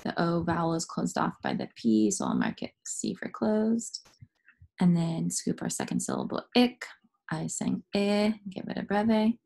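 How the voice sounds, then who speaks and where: Young female teacher, low husky voice with some fry, patient step-by-step phonics lesson for kids. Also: wildly swooping pitch, normal speed, dark tone.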